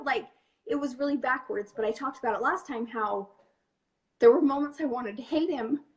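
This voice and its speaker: A woman's voice: sits high, moderate pace. A young woman hosting a webinar, talking candidly and directly to an audience of women in casual chat. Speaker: webinar host and coach.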